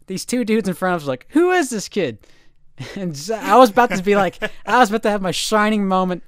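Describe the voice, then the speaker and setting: Animated, smooth-voiced male podcast co-host. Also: high-pitched, quick pace, no room sound, clean studio sound. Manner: animated storyteller, acts out quotes. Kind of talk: casual sports chat.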